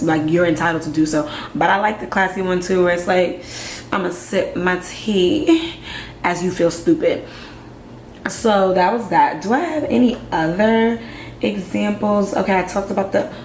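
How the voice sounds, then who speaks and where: Young woman from Nigeria, lowish voice, frank vlog commentary with quick asides, roomy sound. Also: slight background noise. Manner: frank, conversational, quick asides and rhetorical questions. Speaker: vlogger. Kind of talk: candid commentary to camera. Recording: echoey room with faint ambience.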